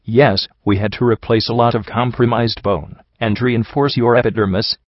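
A man voicing a gentle, earnest female pegasus doctor who speaks softly and matter-of-factly, recorded dry and a little dull. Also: mid-range voice, fairly even intonation, moderate pace, no echo, close to an everyday voice. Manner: soft, matter-of-fact reassurance.

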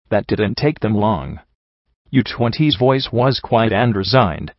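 A man narrates a story in an even, measured way. His voice is low. The recording is dry with no room sound and a little dull. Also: no echo. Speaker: audiobook reader. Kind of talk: scripted narration.

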